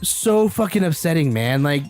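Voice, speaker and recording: A man's voice: fairly high pitch, expressive, moderate pace, darkish tone, soft background music. A man co-hosting a casual podcast, ranting with heated, swearing outbursts. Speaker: podcast co-host.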